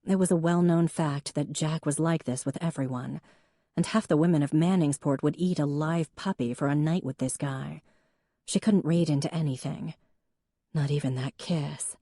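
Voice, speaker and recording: Casting: female audiobook narrator, low mellow voice, dry close recording. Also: steady tone, moderate pace, dry recording. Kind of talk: scripted narration.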